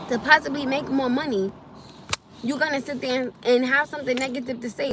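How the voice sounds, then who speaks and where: A woman's voice: high voice, moderate pace, noisy background. Angry young woman ranting in a car. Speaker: livestreamer. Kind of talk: venting live stream. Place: parked car.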